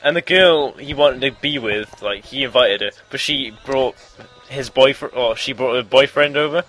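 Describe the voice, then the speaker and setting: A young man telling childhood stories to friends in casual chat, often laughing and slipping into quick impressions. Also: medium pitch, a bit bright, soft background music, low-quality recording. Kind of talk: casual storytelling among friends.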